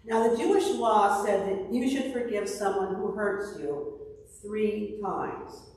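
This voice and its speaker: A woman pastor reading scripture and preaching a sermon in a measured, deliberate way. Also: medium pitch, a little mellow, a little hiss or hum. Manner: slow, measured delivery with a told joke. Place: church sanctuary. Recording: distant mic in an echoey hall.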